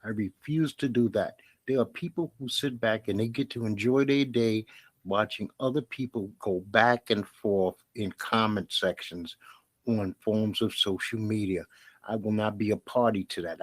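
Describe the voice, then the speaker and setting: A middle-aged man with a Brooklyn accent delivers a solo podcast monologue in a lowish voice. He talks bluntly and with emphasis, stacking repeated phrases to drive each point home. The recording is close and dry, with no room sound. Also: normal speed, no echo. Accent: Brooklyn New York. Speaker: podcast host.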